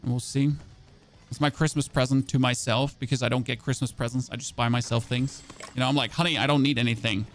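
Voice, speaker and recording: Soft music plays behind a brisk, medium-pitched man whose voice barely moves in pitch. A game streamer with German as his first language, he chats loosely and self-mockingly with his audience, rambling and restarting as he goes.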